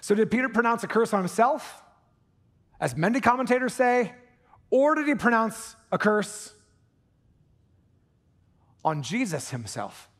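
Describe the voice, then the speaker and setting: A man with a fairly high voice preaches in a church, earnest and animated. He swings from urgent appeals down to a near-hush to press a point, then loosens into casual, joking asides. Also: measured pace, long pauses. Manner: animated preaching, drops to hushed intensity for emphasis; jokey asides with put-on accents. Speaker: pastor. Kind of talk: sermon. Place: church sanctuary.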